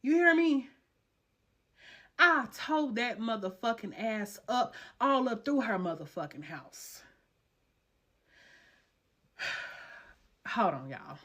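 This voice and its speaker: A woman's voice: on the high side, slow, long pauses. Woman spilling a story on her vlog, lots of cussing and slang, voice jumps all over. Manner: animated, profane, slangy storytelling.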